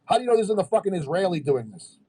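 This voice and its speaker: Argumentative guy on a stream, kinda husky and mellow, reads comments and fires back. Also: high-pitched, sing-song, rapid-fire, low-quality recording. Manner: heated, argumentative, reads comments aloud and rebuts them. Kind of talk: casual livestream commentary.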